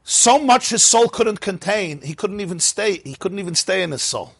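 A man's voice: high-pitched, animated, moderate pace, creaky, fairly bright tone, slightly rough, no echo. A man teaching a Talmud and Chassidus class, telling the story with laughing asides and mixing Hebrew and Yiddish terms into his English. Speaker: Torah teacher.

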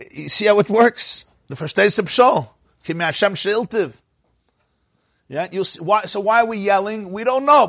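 A man teaching a Torah class in a lively, questioning way, dropping Hebrew and Yiddish terms as he goes. His voice sits a little high. The sound is dry and close, with no room echo. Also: husky.

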